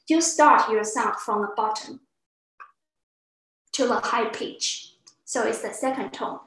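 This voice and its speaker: Female teacher, high and unhurried, patient, demonstrates sounds with exaggerated pitch; roomy classroom sound. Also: a bit bright. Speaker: Chinese language teacher.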